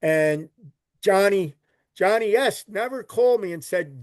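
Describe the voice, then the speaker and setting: Here the same kind of speaker, a podcast guest from Philadelphia who collects recovery literature, tells a long, rambling tale full of repeated words and casual swearing. He sounds high-pitched and expressive, with a darkish tone and normal pace. It's studio quality with no room sound.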